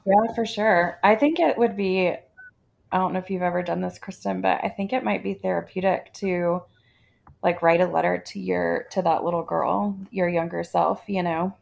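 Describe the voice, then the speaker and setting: A woman's voice: fairly low pitch, fairly even intonation, moderate pace, gravelly, a little mellow. A woman co-hosting a casual chat, reacting with laughing interjections and suggestions. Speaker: podcast co-host.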